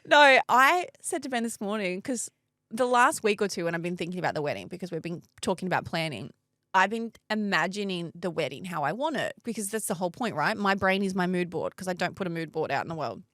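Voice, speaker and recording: A woman's voice: on the low side, lively intonation, quick pace, a bit bright, dry recording, studio quality. A woman, co-hosting a podcast and telling stories with lots of laughter. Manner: chatty storyteller, laughs often. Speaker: podcast co-host. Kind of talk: casual chat.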